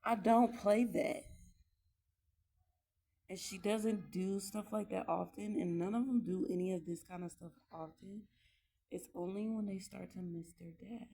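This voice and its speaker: A mother talking in a casual, reflective vlog, earnest and candid, pausing and restarting as she gathers her thoughts. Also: on the low side, fairly even intonation, creaky, dark tone, slightly rough. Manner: earnest, halting, with frequent restarts and trailing pauses; candid and heartfelt. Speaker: mother vlogging about parenting.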